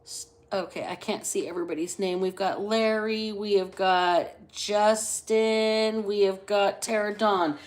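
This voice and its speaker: A woman hosting a casual live-stream reading into a phone, chatty and salty, stretching out single words between quick asides. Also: medium pitch, steady tone. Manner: chatty, drawls single words then talks fast. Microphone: phone camera.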